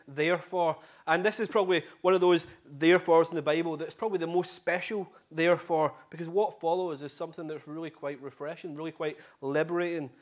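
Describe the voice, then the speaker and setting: Earnest preacher man. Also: a little high. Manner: earnest, repeats key phrases for emphasis. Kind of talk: sermon.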